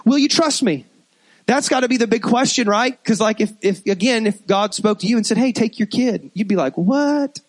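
A man preaching a sermon in an animated, conversational way, often restarting his phrases. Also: high voice, a little fast, dry recording. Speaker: pastor.

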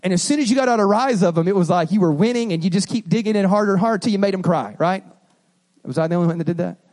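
A male pastor preaching a sermon in a conversational, animated way, acting out little scenes as he talks. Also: high-pitched, racing.

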